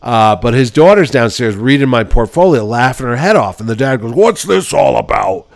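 A man in his fifties hosting a show, telling casual stories and acting out the people in them, combative and quick with a comeback. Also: medium pitch, lively intonation, no room sound, clean studio sound. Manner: self-described belligerent, quick with comebacks. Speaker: podcast host. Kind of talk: casual storytelling.

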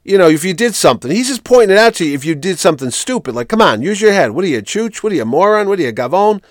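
A man's voice: high voice, very animated, rapid-fire, dry recording, clean studio sound. A man in casual chat, talking animatedly with lots of restarts and repeated words.

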